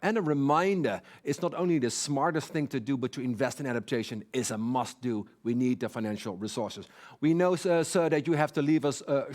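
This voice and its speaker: A man's voice: medium pitch, a little mellow. Man moderating virtual panel, courteous, lots of fillers, mid-range voice. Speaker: event moderator.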